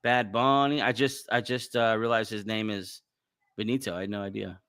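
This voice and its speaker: Man, podcast host, casual livestream chat, bright and smooth voice, rambling. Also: fairly low pitch, steady tone, moderate pace. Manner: rambling, chatty, with frequent fillers and restarts.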